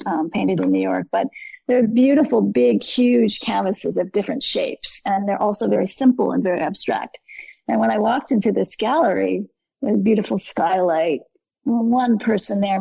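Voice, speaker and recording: A woman guest with a very gravelly, husky voice talks in a rambling, earnest way and keeps correcting herself. Her tone is mellow and the recording is dry and a little dull. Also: mid-range voice, no room sound. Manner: rambling, earnest, with frequent self-corrections and soft laughs. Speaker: guest artist. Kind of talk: casual conversation.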